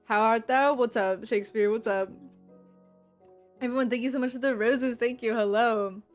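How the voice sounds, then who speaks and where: Young female VTuber, rambling and giggly, slightly high voice, faint music under her. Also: steady tone, moderate pace. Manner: rambling, playful, laughs often. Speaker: VTuber streamer. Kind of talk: casual livestream chat, reading and answering chat.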